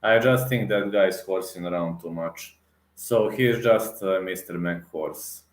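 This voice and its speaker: A man's voice: low voice, measured pace, reverberant. A man giving a heated, casual rant as an MMA reaction vlogger. He repeats himself with emphasis, and he fills his talk with restarts and hesitations. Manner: repetitive, emphatic, many fillers and restarts.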